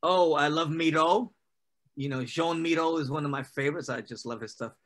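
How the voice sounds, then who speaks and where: A man, a poet, answering interview questions in a loose, casual way, full of "you know" and quick asides over a video call. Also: fairly high pitch, a bit bright. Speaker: poet and guest.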